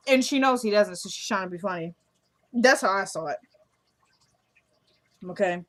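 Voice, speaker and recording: A woman's voice: medium pitch, moderate pace, pauses often, a bit bright. A woman casually recapping a TV episode, chatting and acting out the characters' lines as she goes. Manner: chatty, acts out quotes of the characters. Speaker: TV show recapper.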